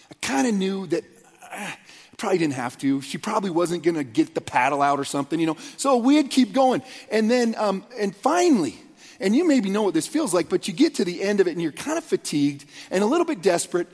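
A man's voice: sits high, lively intonation, a little fast, darkish tone. Earnest man preaching in a reverberant hall. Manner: conversational and earnest, with frequent fillers and restarts. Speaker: pastor. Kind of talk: sermon.

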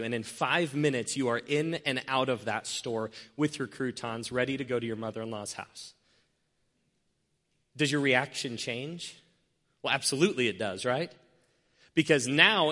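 A man preaching a sermon, telling an everyday story and acting out its scenes with lively shifts in voice. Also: fairly high pitch. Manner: animated, acts out scenarios with changing voices. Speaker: pastor. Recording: long hall reverb.

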